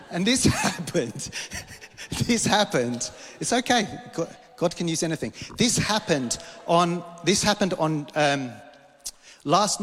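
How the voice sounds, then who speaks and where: His voice is fairly high with a fairly bright tone, echoing in the big room of a church hall as this British man preaches. He tells a personal vision story, rambling, cutting himself off, and adding joking asides.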